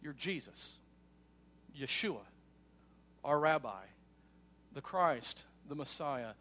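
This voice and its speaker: Male pastor, high-pitched, casual conversational sermon delivery with asides. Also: expressive, slow pace, fairly bright tone, slight background noise. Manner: conversational preaching with frequent asides and "right?".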